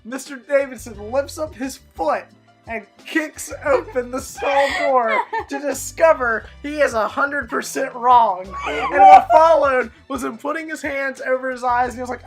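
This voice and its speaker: A teenage boy co-hosting a podcast, telling a story in a lively way and acting out shouts and laughter. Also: very high voice, normal speed, soft background music. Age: teens. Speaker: podcast co-host. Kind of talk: casual chat, storytelling.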